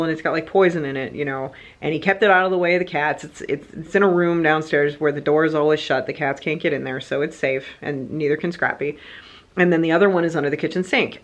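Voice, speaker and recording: A woman vlogger telling a personal story in a chatty, animated way, full of fillers and quoted back-and-forth. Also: low-pitched. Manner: chatty, animated, lots of fillers like "like" and "you know". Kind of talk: casual storytelling vlog.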